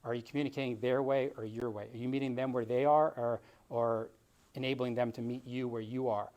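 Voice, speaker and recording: Fast-talking earnest man. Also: mid-range voice, steady tone, a little mellow. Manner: earnest, rapid, conversational, addresses listeners as guys. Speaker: realtor and author. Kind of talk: motivational talk.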